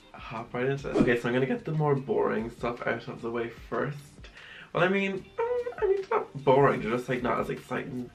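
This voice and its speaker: Chatty young man with a gravelly edge. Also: medium pitch, poor audio. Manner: chatty, rambling with many fillers. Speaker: fashion vlogger. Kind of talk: casual haul vlog.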